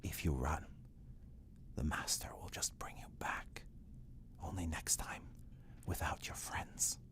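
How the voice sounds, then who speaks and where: A man voicing a pallid young male vampire thrall, courtly and sinister, who speaks low and hushed, sometimes in a whisper. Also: measured pace, slight background noise. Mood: whispered menace.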